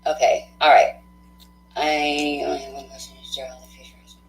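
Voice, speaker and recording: A woman hosting a live tarot stream, chatting casually with viewers, effusive and quick to laugh, thinking aloud with fillers. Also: low-pitched, flat delivery, vocal fry, roomy sound, soft background music, low-quality recording.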